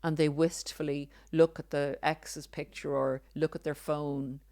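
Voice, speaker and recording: A woman hosting a podcast, speaking in earnest, deliberate commentary with occasional dry sarcasm. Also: low voice, level tone, darkish tone, no room sound. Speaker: podcast host.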